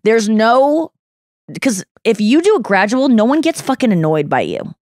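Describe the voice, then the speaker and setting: Woman, podcast host, animated storyteller who curses a lot, expressive pitch, close dry studio sound. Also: moderate pace, no echo. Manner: animated storyteller, swears freely, acts out quotes. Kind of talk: casual chat.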